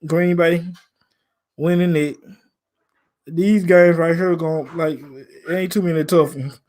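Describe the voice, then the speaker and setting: A man's voice: a little high, fairly even intonation, slow, darkish tone. A man from Memphis with a Southern accent, hosting a casual live stream about football in a laid-back, slangy way. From Memphis, Tennessee.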